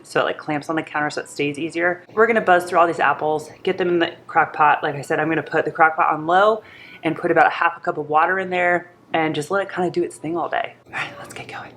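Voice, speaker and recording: A woman's voice: low-pitched, fairly even intonation, quick pace, a bit bright. A young woman who is congested from allergies, chatting in a rambling, friendly way as she cooks in her home kitchen. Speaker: home cooking vlogger. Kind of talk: casual chat.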